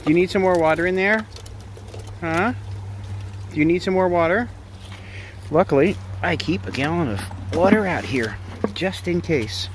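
A caretaker at a parrot sanctuary talks to the birds in an outdoor aviary beneath the trees, casually cooing in sing-song baby talk. Her mid-range voice is animated, at a normal speed with frequent pauses, and there's slight background noise.

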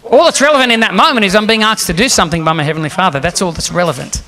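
A male preacher delivers a story-driven sermon with a high, bright, forceful voice. He is animated and acts out each quoted line as he tells it. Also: rapid-fire, a little hiss or hum. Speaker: guest preacher.

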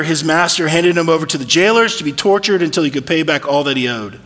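Male pastor, high and bright, conversational preaching with rhetorical asides, long church reverb. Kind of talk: sermon. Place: church sanctuary.

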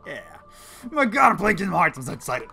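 A man hosting a let's play, rambling through excitable, sarcastic gameplay commentary. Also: high voice, a little fast, creaky. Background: faint game music.

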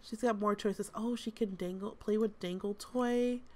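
A woman's voice: mid-range voice, fairly even intonation, moderate pace, dark tone. A woman host giving casual, amused gameplay commentary, chatty with lots of fillers. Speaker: gaming channel host.

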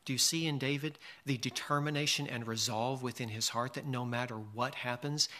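A male pastor preaching a sermon earnestly, with rising emphasis and slow, drawn-out scripture quotes. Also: medium pitch, bright, forceful tone.

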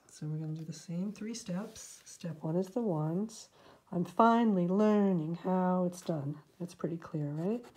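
A middle-aged woman teaching poetic meter in a relaxed, casual lesson, talking through her markings and now and then dropping to a whisper. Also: lowish voice, low-quality recording. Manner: relaxed, talks aloud while marking a poem, sometimes drops to a whisper. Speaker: poetry teacher.

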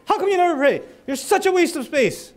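A man's voice: very high-pitched, animated, brisk, pitched above the performer's own voice. A man voicing a harsh parent who nags and belittles his son, within a lecture. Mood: scolding. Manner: scolding, belittling.

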